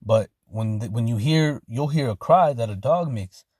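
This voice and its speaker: A man preaching an informal sermon in casual street slang, filling his talk with "man" and "okay", and slowing down to read scripture loudly. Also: medium pitch, animated, no room sound, studio quality. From Arizona, United States. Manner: reads scripture slowly and loudly.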